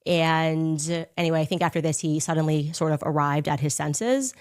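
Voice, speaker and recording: A woman in her thirties hosting a podcast, telling a story in a sarcastic, animated way. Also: low-pitched, moderate pace. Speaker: podcast host. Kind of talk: storytelling monologue.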